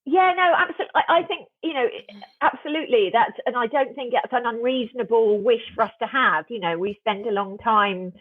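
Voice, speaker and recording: A woman's voice: on the high side, fairly quick, husky, no echo. A woman, a guest author, talking reflectively in an interview, often restarting her sentences. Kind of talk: conversational interview. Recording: tinny dry phone line.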